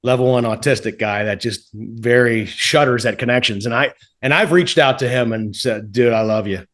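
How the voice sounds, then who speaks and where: A man's voice: mid-range voice, moderate pace, a bit bright. A man co-hosting a casual talk show, making blunt, profane remarks and drawing out his words. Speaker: podcast co-host. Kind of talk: casual chat.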